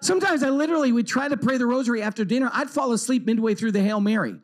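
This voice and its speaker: A middle-aged man giving a personal storytelling talk at a retreat, swinging from loud outbursts to hushed tones. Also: very high voice, very fast. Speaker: conference speaker.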